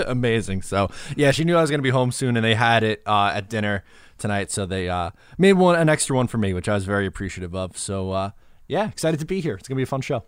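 A man hosting a casual sports podcast, relaxed and conversational, laughing easily. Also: fairly low pitch, fast, clean tone, no room sound, clean studio sound. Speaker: podcast host.

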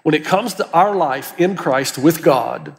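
Earnest high-voiced male preacher. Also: measured pace, vocal fry, in a large hall. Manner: earnest, emphatic preaching with rising urgency. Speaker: pastor. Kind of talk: sermon.

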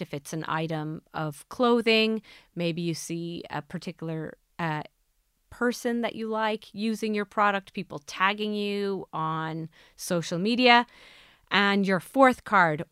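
A woman's voice: medium pitch, fairly bright tone, clean tone, no echo, studio quality. A woman hosting a motivational podcast, talking earnestly and coaching the listener with repeated questions. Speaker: podcast host.

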